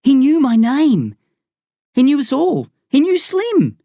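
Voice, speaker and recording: A man voicing a distraught young boy, high and strained, pleading and crying out. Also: wildly swooping pitch, takes it slowly, dark tone, dry recording, studio quality, full character voice. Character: distraught young boy, fiercely loyal and stubborn.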